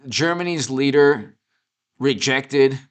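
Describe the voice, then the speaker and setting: A man's voice: mid-range voice, slow pace. A man giving off-the-cuff political commentary, mocking and sarcastic, rambling with restarts. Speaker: political commentator and show host.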